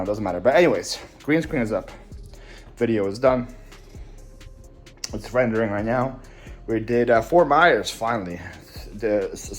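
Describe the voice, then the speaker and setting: A young man chatting excitably to camera in a casual vlog, thinking aloud as he opens mail at home. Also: mid-range voice. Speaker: reselling vlogger. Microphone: phone camera.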